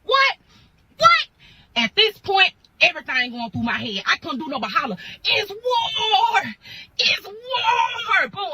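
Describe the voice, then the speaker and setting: This storytime creator has a high, sharp, husky voice, caught on a rough recording. Her animated storytime is dramatic, delivered in punchy slang and stuffed with sound effects.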